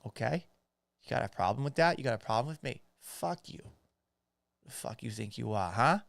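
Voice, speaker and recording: A man's voice: mid-range voice, expressive, normal speed, gravelly, fairly bright tone, dry recording, clean studio sound. A man voicing a brash, trash-talking tough guy with a Boston accent, profane and swaggering, from a home office. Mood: confrontational. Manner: swaggering, profane, picks fights with the listener.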